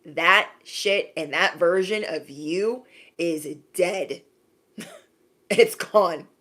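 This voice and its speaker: A young adult woman giving a sassy, animated spiritual pep talk to her viewers, acting out little scenes as she goes. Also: on the low side, drawn-out words. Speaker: intuitive reader.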